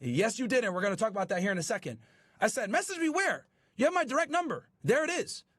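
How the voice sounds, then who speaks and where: A male show host with a very high voice that swings widely as he retells a story to his live chat. He is animated, swears freely and sounds incredulous. The sound is dry and close, with no room around it. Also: no room sound. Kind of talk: casual commentary to a live chat.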